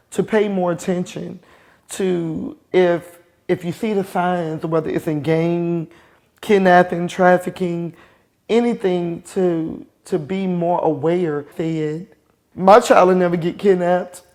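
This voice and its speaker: A middle-aged woman, a show host, gives a personal testimony in an emotional, halting way, with pauses and restarts. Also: lowish voice, mellow. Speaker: host telling her own story.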